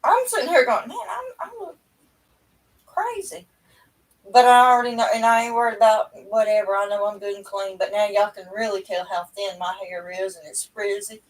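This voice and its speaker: A woman's voice: medium pitch, a little fast, hardly any pauses. A middle-aged woman, chatting in a rambling, folksy way to her livestream viewers from home over a webcam. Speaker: livestream host. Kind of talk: casual chat to viewers. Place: at home indoors. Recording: voice a bit far from the mic.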